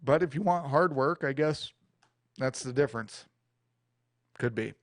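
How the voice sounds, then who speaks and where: A man's voice: mid-range voice, measured pace, no echo. A man with an American accent hosting a small studio radio show, ranting bluntly and crudely in a rambling, profane way into a studio mic. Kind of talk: profane talk-radio rant. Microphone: studio mic with adjustable EQ.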